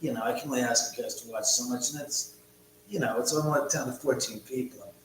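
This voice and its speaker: A man's voice: mid-range voice, a little fast. Casting: chatty, foul-mouthed man hosting a late-night home livestream, very echoey room with faint hum. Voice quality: rambling, profane, chatty. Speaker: livestream host. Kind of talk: casual livestream chat. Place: his own house, indoors.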